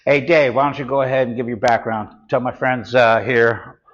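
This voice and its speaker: A man in his fifties from San Francisco, co-hosting a podcast in a studio and talking in a relaxed, rambling way with many fillers. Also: medium pitch, normal speed, muffled recording. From San Francisco, USA. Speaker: podcast co-host. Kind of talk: casual podcast chat.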